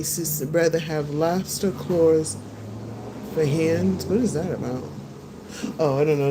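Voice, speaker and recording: A woman's voice: low-pitched, background noise. A woman hosting a live-stream podcast, chatting loosely with her viewers and answering their comments. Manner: chatty, rambling, talks to viewers. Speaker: podcast host. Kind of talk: casual live-stream chat. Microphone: phone.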